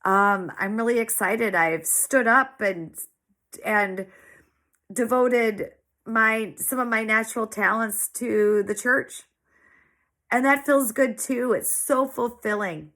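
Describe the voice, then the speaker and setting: A woman's voice: a little high, slow, fairly bright tone. A woman in her forties speaking earnestly in a heartfelt personal monologue, emotional and repeating phrases for emphasis, teary-eyed at times. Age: 40s. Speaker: small business owner sharing her story.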